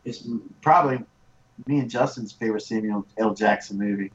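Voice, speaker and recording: A man's voice: fairly low pitch, fairly quick. A man co-hosting a sports podcast in casual chat, his voice sounding muffled. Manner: muffled, storytelling. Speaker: podcast co-host. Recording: muffled dull remote line.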